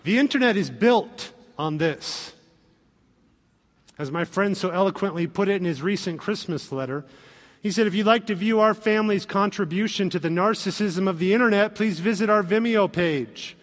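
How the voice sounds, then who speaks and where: A man preaching a sermon as pastor, animated and acting out quoted voices. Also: high voice, normal speed. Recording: long reverb of a hall.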